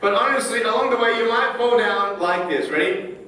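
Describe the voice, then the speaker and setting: A man's voice: high voice, a little fast, bright, forceful tone, recorded from a distance, a little hiss or hum. A man giving a motivational talk to an audience, playful and joking, often asking the crowd questions. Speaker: motivational speaker. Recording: clip played in an echoey hall, heard from afar with music.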